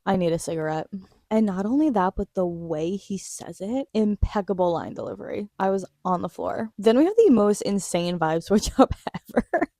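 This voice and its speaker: A young woman vlogger recapping a TV episode in gushing, excited casual chat, laughing often and swearing casually. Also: mid-range voice, moderate pace, no echo, clean studio sound.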